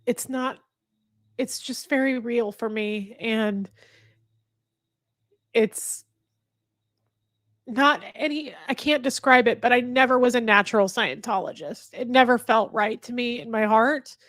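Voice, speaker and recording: A woman hosting a livestream, talking candidly and earnestly to her viewers, halting and restarting her sentences. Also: on the high side, fairly bright tone, no room sound, studio quality. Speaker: livestream host. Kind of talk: candid emotional talk to viewers. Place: indoor room with a fire.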